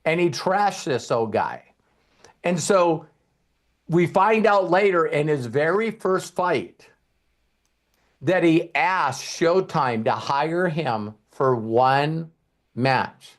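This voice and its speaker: A man's voice: on the high side, expressive, takes it slowly, pauses often. A middle-aged man hosting a podcast, telling a long story in casual, profane chat. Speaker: podcast host.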